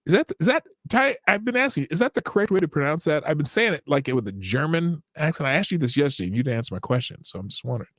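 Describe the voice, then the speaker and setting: Animated male live-stream host. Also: on the high side, fast talker, few pauses, dry recording. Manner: animated, rambling, laughs often. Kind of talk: casual live-stream chat, greeting viewers.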